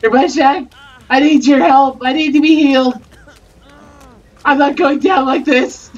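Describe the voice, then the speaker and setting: High, shrieking woman gamer. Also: fairly even intonation, unhurried, recorded from a distance, muffled recording. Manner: shrieks and yelps in panic. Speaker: gamer recording gameplay. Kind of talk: excited gameplay commentary.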